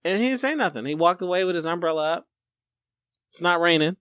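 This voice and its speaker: A man co-hosting a podcast, telling a story in relaxed, slangy casual chat. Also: high-pitched, fast, clear, resonant tone, no echo. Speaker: podcast co-host.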